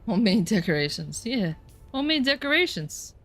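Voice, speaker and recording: A woman's voice: mid-range voice, very animated, a little fast. A woman chatting casually and profanely while streaming a game, full of rambling asides. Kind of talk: casual gameplay commentary.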